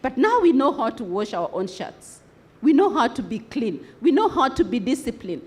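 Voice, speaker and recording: A woman addresses young students at a conference. Her voice sits high and swings widely in pitch. She keeps asking the room questions and prompting them to answer back with conviction. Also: big pitch swings, moderate pace. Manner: rhetorical questions, call-and-response with audience. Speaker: conference speaker. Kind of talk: motivational speech to students.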